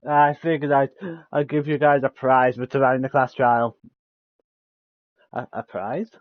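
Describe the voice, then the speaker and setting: A man's voice: mid-range voice, little pitch movement, unhurried, dry recording, phone-quality sound. A man streaming a game, reading its dialogue aloud, stumbling over words, restarting lines and laughing between them.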